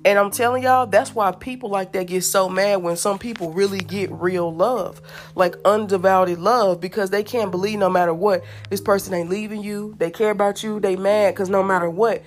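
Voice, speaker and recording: A woman's voice: medium pitch, fairly even intonation, normal speed. Blunt woman telling stories, faint music. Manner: blunt, candid storytelling, repeats "I'm telling y'all". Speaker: podcast host. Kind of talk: casual monologue.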